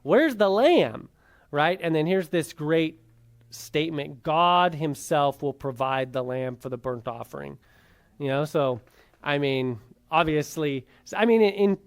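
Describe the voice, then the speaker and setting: A Bible class teacher with a smooth, mid-range voice and a darkish tone gives an informal lecture. He talks casually, full of fillers and tag questions, and poses rhetorical questions to the class before answering them himself.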